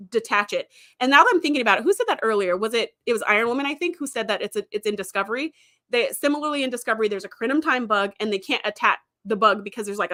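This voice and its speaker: A woman's voice: fairly high pitch, sharp tone, no room sound, clean studio sound. A young woman hosting a casual livestream, rambling through viewer comments with lots of ums, likes and easy laughter. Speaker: livestream host.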